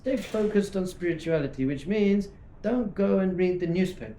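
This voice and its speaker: A rabbi teaching in a lively, conversational way. His voice sits fairly high for a man but sounds mellow, with noticeable echo from the room. He keeps slipping into little acted-out dialogues to make his points. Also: moderate pace, slight background noise. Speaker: rabbi giving a talk. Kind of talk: informal teaching talk. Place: talk hall at a yeshiva. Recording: echoey room.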